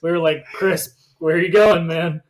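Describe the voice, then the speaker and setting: A man with a somewhat raised voice chips in with teasing remarks as a podcast co-host. Clear background noise sits behind his voice. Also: a little high, steady tone. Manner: teasing, quick interjections. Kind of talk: casual chat.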